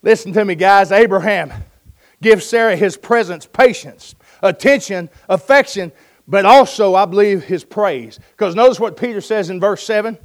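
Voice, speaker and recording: A man's voice: high-pitched, normal speed. A man preaching a sermon, urging his listeners with emphatic, folksy storytelling and jokes.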